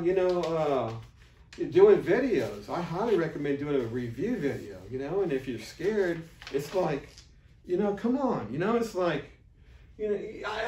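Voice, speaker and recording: A man recording an unscripted video pitch for his marketing offer, rambling and restarting often, blunt and pushy. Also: darkish tone, echoey room, far from the mic. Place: room, filming himself beside a board.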